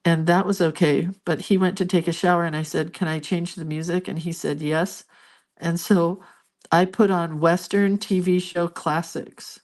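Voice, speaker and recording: An older woman chatting casually as she colors, rambling into stories with soft, murmured asides at her art desk. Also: on the low side, steady tone, moderate pace. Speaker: art vlogger. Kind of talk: casual chat while coloring.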